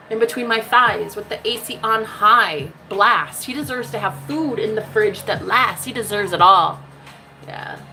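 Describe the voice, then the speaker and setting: A sharp-toned, high-leaning female voice carries this spiritual vlogger's fiery love reading, sassy and emphatic, with plenty of swearing and "honey." Background music accompanies the low-quality recording.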